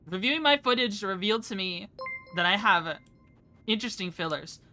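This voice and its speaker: Bright-voiced chatty woman streamer. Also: medium pitch, animated, moderate pace, soft background music. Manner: chatty, rambling, laughs often. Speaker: VTuber streamer. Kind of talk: casual live-stream chat.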